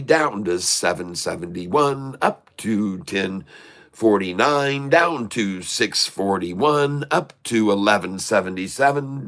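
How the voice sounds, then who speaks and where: A man's voice: lowish voice, a bit bright. A man from the United States hosting a casual stock market livestream, joking and folksy, often calling his viewers folks.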